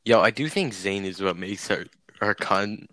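A man's voice: fairly low pitch, normal speed, fairly bright tone, no room sound. A man co-hosting a casual podcast, joking around with crude banter. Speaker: podcast co-host.

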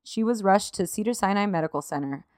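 A woman's voice: medium pitch, animated, quick pace, a little mellow, no room sound, studio quality. A woman co-hosting a podcast, telling a story from notes in casual chat, laughing and swearing freely. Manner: emotional, swears freely, laughs through tears. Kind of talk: casual chat, partly read narration.

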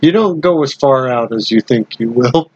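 A man's voice: medium pitch, normal speed, a little mellow, breathy edge, no room sound, highs cut off. Easygoing man chatting on a podcast. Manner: easygoing, laughs while retelling scenes. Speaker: podcast co-host. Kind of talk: casual episode recap chat.

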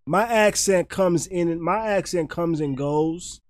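A man's voice: on the high side, slow pace, dry recording. A man with a New York accent, co-hosting a casual podcast chat, laid-back and slangy, laughing often. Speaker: podcast co-host.

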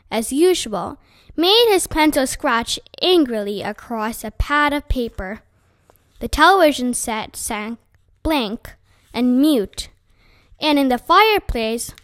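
A woman reading a children's chapter book aloud with gentle, expressive narration. Her voice is high and light, and the recording is close and dry with no room sound. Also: no room sound. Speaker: storyteller.

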